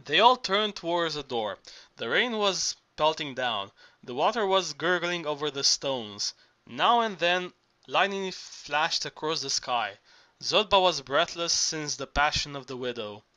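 A man's voice: fairly high pitch, lively intonation, unhurried, bright, forceful tone. A man reading an audiobook aloud, with frequent slips and restarts. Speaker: audiobook reader. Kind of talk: audiobook narration.

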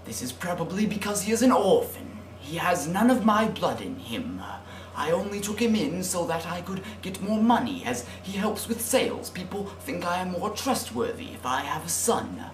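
A young man playing a greedy, contemptuous oil salesman in a student film, pompous and given to furious yelling. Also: high-pitched, very animated, normal speed, roomy sound, background noise. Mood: smug. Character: greedy, cruel male oil salesman who bicycles. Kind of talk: amateur student film acting. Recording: background music under the voice.

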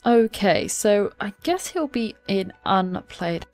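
A woman's voice: mid-range voice, expressive, takes it slowly, darkish tone, faint music behind. A woman hosting a let's play, chatting through the game and gasping and giggling at the drama. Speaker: gaming channel host. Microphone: desktop USB microphone.

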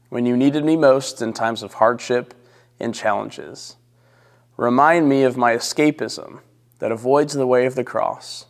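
Male pastor, solemn scripture reading and prayer, long hall reverb. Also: mid-range voice. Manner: slow, solemn, measured reading. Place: church sanctuary.

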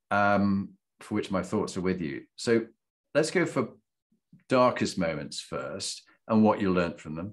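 A middle-aged man from Yorkshire hosting an interview, telling stories and quoting folk sayings in a conversational way. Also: deep voice. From Halifax, Yorkshire. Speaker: podcast host.

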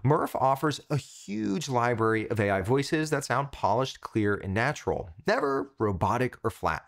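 A man's voice: mid-range voice, animated, normal speed. A man hosting a tech tutorial, giving an upbeat scripted product review in punchy short phrases.

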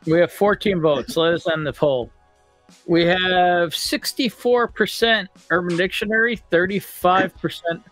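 High-voiced guy hosting a casual chat, wry and offhand, music faint behind. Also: a little slow, fairly bright tone. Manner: wry, running the poll and searches. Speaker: host.

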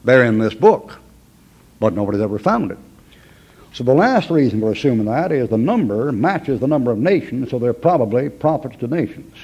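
A man's voice: medium pitch, very animated, a little fast, darkish tone, husky. A man teaching a Bible class in a folksy, emphatic way, with chuckling asides.

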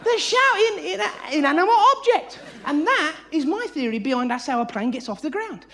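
A middle-aged man doing a frantic live stand-up routine, breaking into sudden high yelps, on a large theatre stage. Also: sing-song, fairly quick, a little hiss or hum. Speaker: stand-up comedian. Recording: live theatre audio with loud audience laughter.

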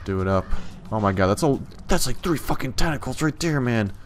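A young man chatting excitedly while playing a multiplayer game with friends, swearing and yelping in bursts. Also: medium pitch, fairly quick, slight background noise. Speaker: gamer. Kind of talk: casual multiplayer game chat.

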